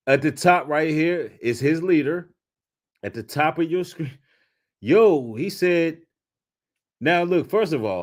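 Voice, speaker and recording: A man commentating on video clips in a casual, mocking way, swinging between low mutters and loud outbursts. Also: animated, slow, pauses often.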